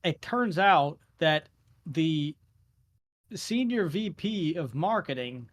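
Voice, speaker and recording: A young adult man, co-hosting a podcast in casual chat, acting out the exchanges he tells with lively feeling. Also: on the high side, takes it slowly. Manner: animated storytelling, acts out quoted exchanges. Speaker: podcast co-host.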